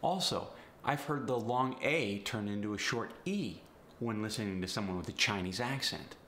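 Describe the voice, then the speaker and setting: Bright, forceful male accent coach. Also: lowish voice, normal speed, slight background noise. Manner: upbeat, teasing teacher. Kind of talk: instructional video. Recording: roomy echo.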